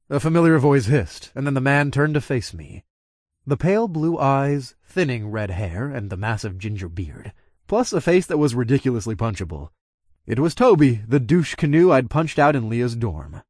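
A man narrating a first-person story with expressive delivery. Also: mid-range voice, normal speed, no room sound, clean studio sound. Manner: expressive, voices every character. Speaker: audiobook narrator.

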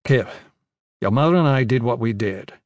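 A man voicing a steady, wry adult male leader in an audiobook, speaking calmly and firmly. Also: medium pitch, normal speed, no room sound, studio quality, close to an everyday voice. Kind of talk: audiobook character voice.

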